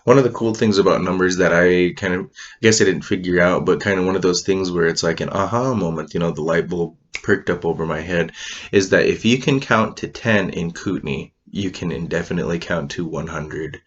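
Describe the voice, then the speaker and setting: A man's voice: low voice, brisk. A man teaching a language class, patiently spelling out and repeating each word three times for learners to follow. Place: classroom with a board. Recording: dull lo-fi sound.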